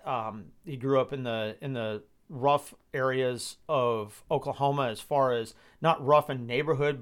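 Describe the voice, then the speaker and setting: Man, thirties, from Georgia, live stream host, reflective, hesitant, average pitch. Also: smooth. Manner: reflective, hesitant with many ums, gets emotional.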